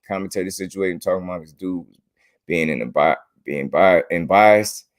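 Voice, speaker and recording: A man's voice: low voice, moderate pace. A man hosting a boxing commentary video, talking to his viewers in loose slang and repeating himself a lot.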